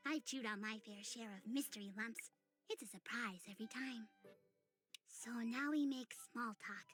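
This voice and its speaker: A woman voicing an odd, whimsical young woman hosting a tea party, rambling dreamily with sudden leaps in pitch. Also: normal speed, a bit bright, soft background music, natural voice.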